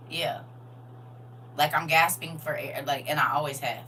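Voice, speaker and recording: A middle-aged woman chatting excitedly and casually to her viewers on a live stream. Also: deep voice, a little slow, a little hiss or hum, poor audio. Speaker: livestream host.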